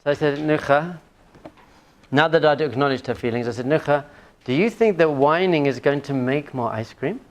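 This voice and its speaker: Man, rabbi giving a lecture, humorous anecdotes, lively questions to the room, slightly high voice. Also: moderate pace. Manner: animated, humorous storytelling with questions to the audience. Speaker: rabbi teaching a class.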